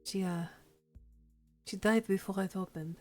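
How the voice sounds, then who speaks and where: A woman voicing a gentle, grieving male coffee-shop dad and former musician in a dating game, speaking softly and wistfully. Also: mid-range voice, expressive, normal speed, soft background music, lightly acted.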